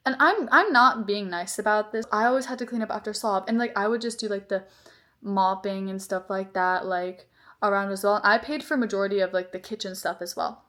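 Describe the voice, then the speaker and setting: A woman's voice: medium pitch, a bit bright. A young woman vlogger telling a storytime, rambling and exasperated, with many "like"s. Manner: rambling, heavy use of "like", exasperated. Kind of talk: storytime vlog.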